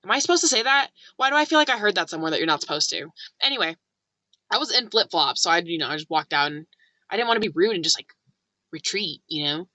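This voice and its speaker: Here a young vlogger from California recounts a story fast, her voice on the low side and the audio free of room sound. Her chatty delivery leans heavily on "like," and she plays out other people's lines with animated quoting.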